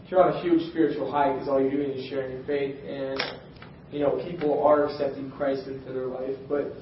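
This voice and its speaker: A man's voice: medium pitch, level tone, a little fast, very echoey, distant mic, highs cut off, noisy background. A man in a group discussion raising a concern, speaking hesitantly with many fillers and restarts. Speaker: group member. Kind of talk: casual discussion.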